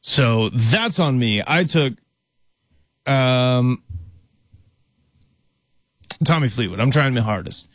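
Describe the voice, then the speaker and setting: Self-mocking sports radio host, dry studio sound. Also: male voice, mid-range voice, lively intonation, slow pace, pauses often, a bit bright, no echo. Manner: loose, self-deprecating, laughs easily. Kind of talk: casual sports radio banter.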